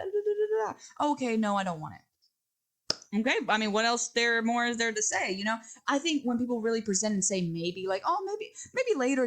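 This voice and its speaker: A woman hosting a solo podcast, talking in a rambling, earnest and self-reflective way, acting out little quoted exchanges as she goes. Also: medium pitch. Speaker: podcast host.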